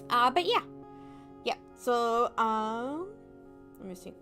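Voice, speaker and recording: A woman's voice: a little high, lively intonation, moderate pace, long pauses, over music. Bubbly young woman streamer, giggly. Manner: bubbly, giggly, acting out little reactions. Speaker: vtuber streamer. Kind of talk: casual livestream chat.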